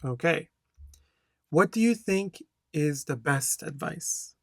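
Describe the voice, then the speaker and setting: A language test instructor giving a speaking tutorial, talking slowly and deliberately, checking in with "okay?" after each point and reading a model answer with careful intonation. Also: medium pitch, sing-song, dry recording.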